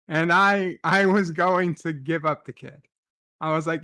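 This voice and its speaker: A man's voice: a little high, fairly even intonation, moderate pace, sharp tone, no echo. Profane, stammering man ranting. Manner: profane, agitated, stammering restarts. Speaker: live stream host. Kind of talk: ranting dream retelling.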